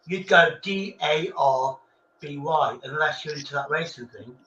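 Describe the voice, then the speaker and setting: A man's voice: fairly high pitch, a little slow, sharp tone. A man hosting a live stream, telling jokey stories in casual chat. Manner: joking storyteller. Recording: roomy, lo-fi stream audio with faint background noise.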